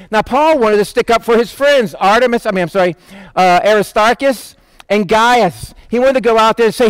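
A man preaching a sermon, telling a Bible story and acting out the quoted voices in a lively, casual way. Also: high voice, normal speed, smooth, no room sound. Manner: animated, acts out quoted voices. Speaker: pastor.

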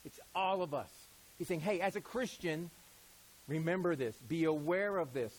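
A man preaching a sermon as a pastor, asking rhetorical questions, stretching out key words for emphasis and often dropping to a low, quiet voice mid-point. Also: normal speed, low-quality recording.

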